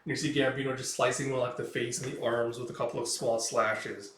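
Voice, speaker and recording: A man's voice: mid-range voice, little pitch movement, a little fast, a bit bright, reverberant, distant mic, a little hiss or hum. A man casually recapping a comic book page by page, rambling with lots of filler words. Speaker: comic reviewer. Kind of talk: casual comic read-through commentary.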